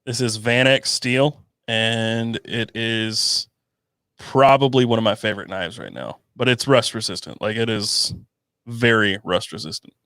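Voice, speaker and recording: A man's voice: on the low side, unhurried, fairly bright tone, clear, resonant tone, no echo, studio quality. A man co-hosting a live podcast in casual chat, telling teasing stories about his friend. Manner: teasing storyteller. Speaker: podcast co-host.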